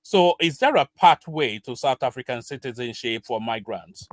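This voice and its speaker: A man's voice: mid-range voice, expressive, normal speed, dry recording. Musing male reaction host, dry sound. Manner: musing, hesitant, many uhs. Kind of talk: reaction commentary.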